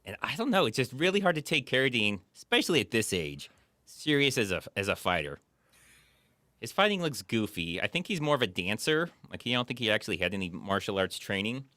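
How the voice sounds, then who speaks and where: A man talks through movies in a relaxed, rambling way, with plenty of ums and likes. His voice is bright and swings widely in pitch. The sound is dry and close to the mic. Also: brisk, no room sound. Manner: animated, rambling, frequent fillers. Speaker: podcast co-host. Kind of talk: casual chat.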